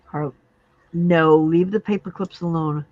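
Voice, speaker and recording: Slow, laughing woman crafting live. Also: low-pitched, fairly even intonation, no room sound, phone-quality sound. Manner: chatty, laughs often, scolds her cats. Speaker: crafting livestream host. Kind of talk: casual chat while crafting. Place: home.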